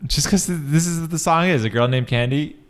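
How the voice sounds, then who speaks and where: A man co-hosting a podcast in casual chat, joking with animated quips. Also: fairly high pitch, brisk, smooth. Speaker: podcast co-host.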